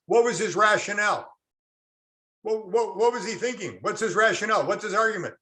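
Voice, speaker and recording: A man with a high, sharp voice and a slightly fast pace runs an online real estate class. He explains by way of stories, quoting people in acted asides, and quizzes the students in chat.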